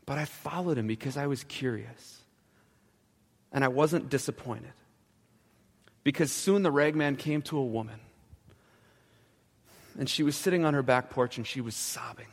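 A male pastor telling a story in a sermon, slowing down and dropping to a hushed voice at the key moments. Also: medium pitch, creaky, husky. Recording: long church reverb.

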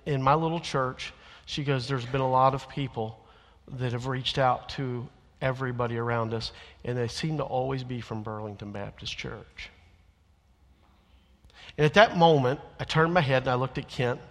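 A man preaching a sermon as a church minister, earnest, rising to loud emphatic lines and dropping to quiet confessional ones. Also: mid-range voice. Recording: long church reverb.

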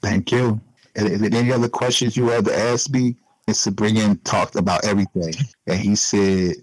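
Earnest low-voiced man in a dry interview. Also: fairly even intonation, a little fast, dry recording, low-quality recording. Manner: earnest, repeats himself for emphasis. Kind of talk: emotional personal interview.

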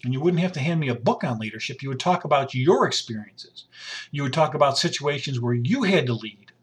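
A middle-aged man in mid pitch talks on his own in casual commentary. He is blunt and rambling. He repeats phrases, restarts sentences and trails into fillers. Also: animated, a little fast.

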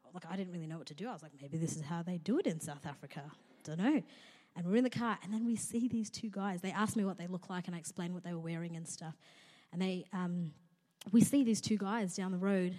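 A woman's voice: lowish voice, fairly quick, a little mellow. A young woman giving a sermon in a church hall, telling a personal story in a casual, conversational way with touches of humor. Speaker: guest speaker. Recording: long reverb of a large hall.

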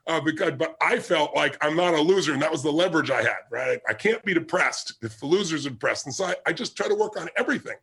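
A man's voice: on the high side, lively intonation, fast talker, few pauses, fairly bright tone. A man giving a motivational talk with personal stories, emphatic and driving, repeating his key points. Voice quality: gravelly, husky. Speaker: motivational speaker.

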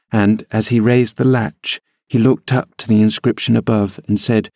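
A man narrates a classic novel in a measured, expressive audiobook style. His voice is low and gravelly with a dark, mellow tone. The recording is dry and close. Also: dry recording. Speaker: audiobook reader.

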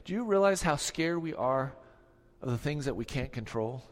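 A man preaching a sermon as pastor, moving between quiet, hushed passages and loud, emphatic ones, repeating key phrases and calling on the congregation to answer. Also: mid-range voice, lively intonation, normal speed. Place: church sanctuary. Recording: long hall reverb.

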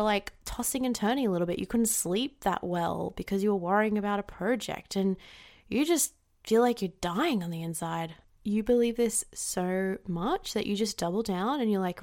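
A young woman delivers a motivational talk in a slightly higher voice. She is blunt and swears freely, and she acts out the nervous inner thoughts of her listeners. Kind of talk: direct-to-camera motivational talk.

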